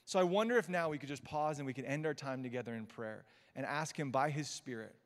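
A man preaching a sermon, telling personal stories with light laughs and dropping to quiet, slowed-down quotes. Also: mid-range voice. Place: auditorium or church hall. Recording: long hall reverb from a church.

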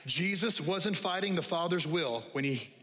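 A male pastor preaching a lively, conversational sermon to a congregation, repeating key phrases and dropping humorous asides. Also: fairly high pitch, moderate pace. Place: church auditorium with live congregation. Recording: long hall reverb.

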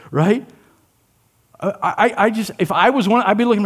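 A male pastor preaching a sermon, asking his listeners questions, acting out quotes, and dropping low and soft on key lines. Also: unhurried, long pauses. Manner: animated, asks the listeners questions, acts out quotes.

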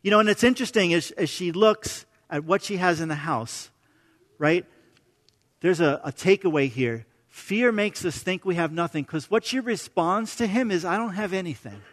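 A man's voice: sits high, expressive, moderate pace, a bit bright, in a large hall. A man preaching a sermon in a conversational way, often restarting phrases and checking in with "right?".

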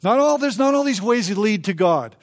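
A man's voice: sits high, expressive, fairly quick. A man preaching a sermon in a church as pastor, folksy and conversational, acting out the people he quotes.

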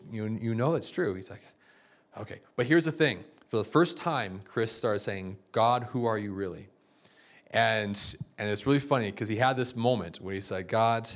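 A middle-aged male pastor giving a sermon in an animated, storytelling manner. He acts out other people's words as he goes, his voice lifting into excited bursts and then settling back into plain talk. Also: mid-range voice.

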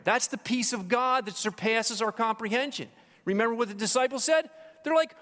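A man teaching a church Bible study, telling stories in an animated way with frequent restarts and personal asides. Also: very high-pitched, moderate pace. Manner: animated storytelling, many restarts, personal testimony. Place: church hall. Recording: long hall reverb.

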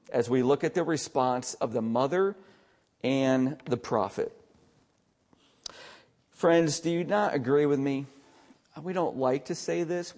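A man preaching an earnest sermon as pastor, with emphatic stress and quiet asides. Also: medium pitch.

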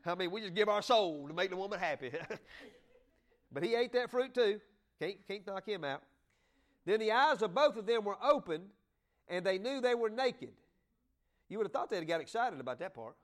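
High-voiced preacher, folksy. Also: male voice. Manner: folksy, humorous preaching with sudden loud bursts. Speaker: pastor. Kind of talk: sermon.

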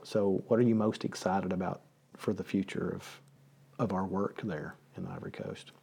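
A man's voice: low voice, fairly even intonation, moderate pace, gravelly, mellow, slight background noise. A man, a pastor, hosting a casual conversation, joking around and asking lots of questions. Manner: joking, asks many questions.

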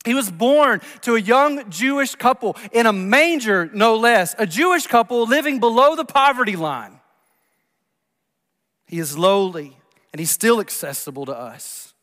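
Male pastor, high-pitched, preaching in a reverberant hall with sharp drops to a hush. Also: expressive, a little slow. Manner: swings from loud emphasis to hushed near-whispers. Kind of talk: sermon. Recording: long reverb of a large hall.

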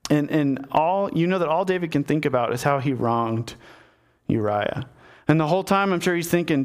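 A man's voice: fairly high pitch, expressive, normal speed, clear, resonant tone. A man giving a sermon in a conversational storytelling manner, talking to his listeners directly. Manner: conversational storytelling, acts out the characters. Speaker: preacher.

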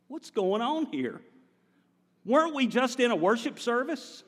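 Male pastor, higher voice, lively conversational sermon, long church reverb. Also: measured pace. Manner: animated, conversational preaching with the congregation. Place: large church sanctuary.

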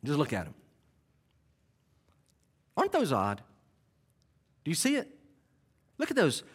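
This preacher's voice is fairly high and husky, swooping wildly in pitch at a slightly slow pace. Delivering a sermon in a church sanctuary, he hammers home key phrases and makes self-deprecating, chatty remarks to the congregation.

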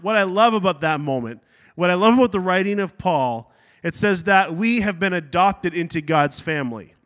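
A man's voice: sits high, a bit bright. A man pastor giving a sermon, preaching with energy, adding asides and acting out quotes. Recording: long hall reverb.

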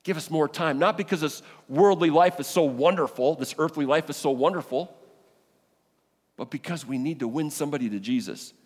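A man preaching a sermon as a pastor, animated and exclamatory, acting out the people in the scripture. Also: fairly high pitch, normal speed. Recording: long hall reverb.

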